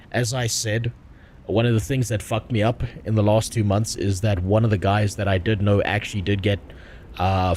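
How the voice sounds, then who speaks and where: A man's voice: on the low side, a little mellow, a little hiss or hum. A man streaming a game, reading the dialogue aloud and making crude, profane jokes. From South Africa. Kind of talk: casual gaming stream commentary.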